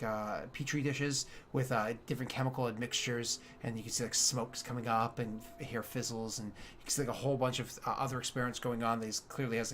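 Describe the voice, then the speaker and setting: Man, game master, rambling narration, many fillers, mid pitch, faint background noise. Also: fairly bright tone.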